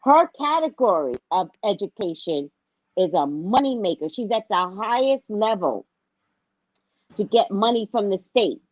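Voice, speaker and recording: A woman's voice: medium pitch, a little slow, dry recording. A woman who teaches special education, telling a story in casual chat and acting out other people's lines as she goes. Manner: animated, acts out quoted voices, repeats phrases for emphasis. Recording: dull lo-fi dry sound.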